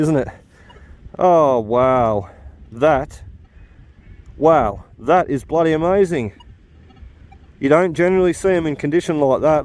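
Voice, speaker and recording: A man vlogging outdoors in a wet, windy paddock, excitedly commenting on his metal detecting finds and a little out of breath from digging. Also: mid-range voice. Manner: excitable, exclaims over finds.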